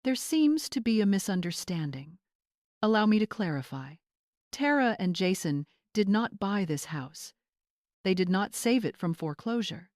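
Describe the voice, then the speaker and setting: Woman voicing seventies matriarch, calm clipped authority, mid-pitched, dry. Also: normal speed, no echo, close to an everyday voice. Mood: commanding. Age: 70s. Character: older woman, commanding retired homeowner.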